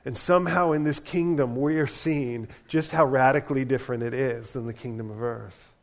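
A man, a pastor, preaching a sermon in a conversational, animated way, often asking "right?" as he talks. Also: medium pitch, moderate pace.

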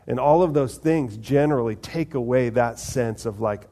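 A pastor with a dark-toned, mid-range voice delivers a conversational sermon briskly, with hardly any pauses. He poses questions to the congregation and acts out small dialogues between God and people.

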